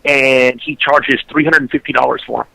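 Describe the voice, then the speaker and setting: A man's voice: mid-range voice, fairly even intonation, brisk, creaky, sharp tone, dry recording, low-quality recording. A man, a podcast co-host telling a long story in casual chat, rambling and restarting his sentences.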